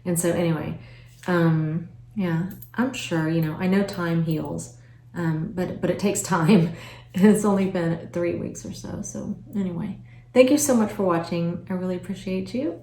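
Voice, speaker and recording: Soft-spoken woman in her forties. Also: moderate pace, roomy sound, slight background noise. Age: 40s. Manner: emotional, soft-spoken, trails off with fillers; high cooing voice when talking to her pets. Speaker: vlogger. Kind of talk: casual chat to camera. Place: at home, indoors.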